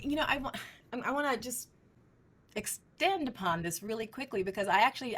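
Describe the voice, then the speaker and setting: A woman's voice: mid-range voice, fairly bright tone. A middle-aged woman researcher, a guest in an interview, explaining her field in an emphatic, teacherly way. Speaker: speech language researcher, guest.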